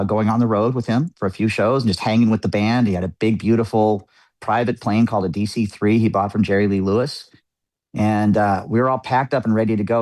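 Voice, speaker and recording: A man's voice: on the low side, a little mellow, dry recording. A middle-aged man, a musician guest on a podcast, telling a personal story in an earnest, reflective way. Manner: earnest, reflective, chatty with frequent fillers. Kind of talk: candid interview storytelling.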